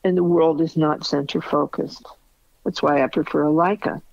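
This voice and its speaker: A woman's voice: sits low, steady tone, moderate pace, vocal fry, no room sound. Blunt older woman, dry lo-fi sound. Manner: blunt, candid, laughs often. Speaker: photo editor and photography teacher. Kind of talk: interview storytelling.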